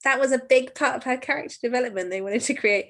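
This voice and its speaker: A woman's voice: high-pitched, fast, fairly bright tone. A woman co-hosting a podcast, chatting playfully and laughing often. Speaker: podcast co-host. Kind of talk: casual chat.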